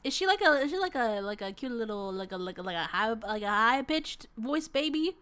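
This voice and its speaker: Giggly, high-voiced young streamer woman. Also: a little fast, smooth. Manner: giggly, animated and playful. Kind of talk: playing a game on stream. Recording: game music in the background.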